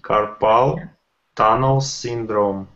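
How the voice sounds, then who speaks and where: A man's voice: on the low side, drawn-out words, fairly bright tone, roomy sound, dull audio. A man student in an online English class, trying out words hesitantly. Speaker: language student.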